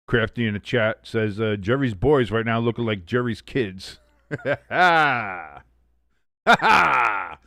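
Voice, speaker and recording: A man's voice: lowish voice, measured pace, dry recording, studio quality. A man hosting a live football watch-along. He calls plays, reads chat and drops exasperated, swearing asides in casual commentary. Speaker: host of a live sports watch-along stream.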